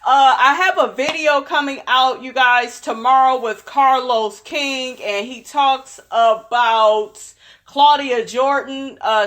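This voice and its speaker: A young woman with a high voice hosts a reality show recap. She talks casually and sassily, full of strong opinions, and keeps calling her viewers "honey.". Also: a bit bright. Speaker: recap channel host.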